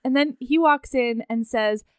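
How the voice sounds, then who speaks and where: A woman's voice: on the high side, unhurried, clear, resonant tone, no room sound, studio quality. A woman co-hosting a casual book chat, retelling scenes animatedly with quoted lines and frequent laughter. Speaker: podcast co-host.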